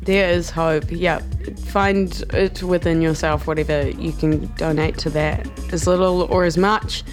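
A woman co-hosting a breakfast radio show, her voice slightly husky as she recovers, chatting casually and laughing easily. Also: sits low, steady tone, measured pace, over music.

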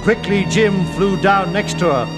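A man reading a children's story aloud in a playful, animated way. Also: high-pitched, measured pace. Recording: reverberant, with loud music.

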